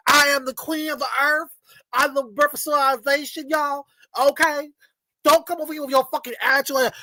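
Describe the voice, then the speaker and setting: A woman's voice: high-pitched, no room sound, rough recording. A woman in a heated, sarcastic rant on a live stream, tagging almost every line with "okay?". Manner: loud and sarcastic, repeating "okay?" often.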